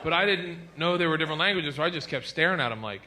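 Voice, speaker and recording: Animated high-voiced stand-up comic man. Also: fast talker, heavy background noise. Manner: animated, loud, breaks into silly put-on voices. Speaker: stand-up comedian. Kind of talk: stand-up comedy routine.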